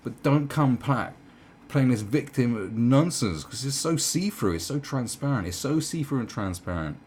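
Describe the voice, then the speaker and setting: A man's voice: medium pitch, expressive, moderate pace, darkish tone, slight background noise. A man delivering a heated, profane commentary rant, full of stumbles and restarts. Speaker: commentary vlogger. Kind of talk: ranting commentary.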